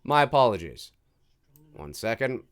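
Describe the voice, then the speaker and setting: A man's voice: mid-range voice, very animated, unhurried. Chatty man doing live movie commentary. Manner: casual, chatty, restarts and fillers, reads chat aloud.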